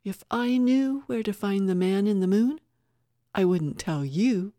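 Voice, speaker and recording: A woman narrator voicing an unflappable elderly woman who answers threats calmly and tartly. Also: medium pitch, unhurried, no room sound, pitched above the performer's own voice, lightly acted. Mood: steely. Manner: calm, steely and tart.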